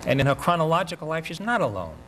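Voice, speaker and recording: An older man giving an academic lecture in a measured, reflective way, often pausing mid-thought. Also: on the high side, sing-song, fairly bright tone, a little hiss or hum, rough recording. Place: university lecture.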